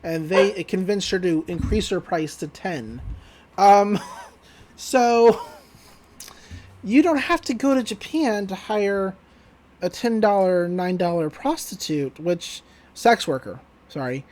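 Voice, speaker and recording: High-voiced man casually recapping. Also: takes it slowly, darkish tone. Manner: loose, joking retelling with laughs and swearing. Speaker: podcast co-host. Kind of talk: casual anime episode recap.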